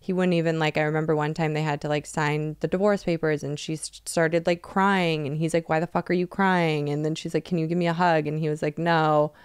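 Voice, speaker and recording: A woman's voice: deep voice, flat delivery, fairly quick, hardly any pauses, smooth, no echo, studio quality. A woman in her thirties co-hosting a casual podcast, talking candidly and acting out quoted dialogue. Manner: candid, laughing, quotes people in retold dialogue. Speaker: podcast co-host.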